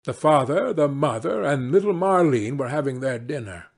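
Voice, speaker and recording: A man narrating a fairy-tale audiobook in a slow, deliberate reading. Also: medium pitch, expressive, creaky, slightly rough. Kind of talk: audiobook storytelling.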